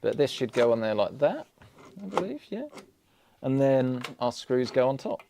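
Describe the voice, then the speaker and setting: A man's voice: medium pitch, very animated, moderate pace, creaky, dark tone, a little hiss or hum. A young British man with an English accent hosting a PC build livestream, chatting casually and joking at his own expense as he works. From England. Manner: joking, self-deprecating, chatty asides.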